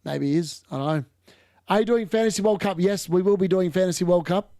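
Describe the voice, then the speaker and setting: A man talks over a live football match in a loose, opinionated ramble, dropping the odd mild swear. His voice sits a bit higher than most men's. The sound is close and dry, with no room around it. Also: fairly quick, warm tone, no room sound. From Australia. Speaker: football watch-along host. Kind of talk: casual live match commentary.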